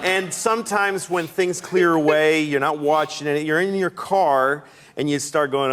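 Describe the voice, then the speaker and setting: A man's voice: fairly high pitch, measured pace, a little hiss or hum. A man guesting on a talk show, telling comic stories and acting out little voices as he goes. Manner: animated, acts out voices. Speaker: comedian guest.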